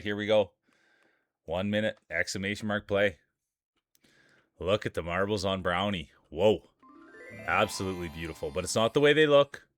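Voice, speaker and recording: A man's voice: fairly low pitch, normal speed, pauses often, a bit bright, no echo, studio quality. A man hosting a live stream of marble races, commentating in playful, jokey announcer patter.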